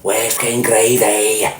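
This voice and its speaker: A man with a Scouse accent hosting a podcast, ranting in crude, joking, mock-aggressive banter. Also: lowish voice. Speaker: podcast host. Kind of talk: casual livestream rant. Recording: roomy echo.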